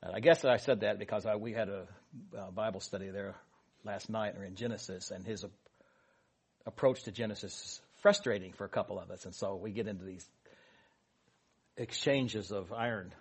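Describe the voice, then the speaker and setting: Guy leading a bible study, kinda low and husky, rambles off on side stories a lot. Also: moderate pace. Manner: rambling, full of asides and fillers. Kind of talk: casual Bible teaching.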